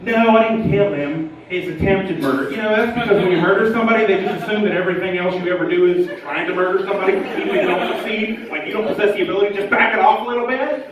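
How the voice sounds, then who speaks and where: A man doing a stand-up set in a live comedy club, telling a story deadpan with acted-out quotes. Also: sits high, very fast, a crowd in the background. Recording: echoey club from far off, dull.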